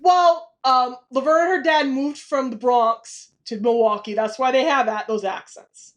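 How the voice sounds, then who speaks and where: Chatty woman podcast host, high voice. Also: a little slow. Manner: animated, laughs often, info-heavy. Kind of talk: casual podcast chat.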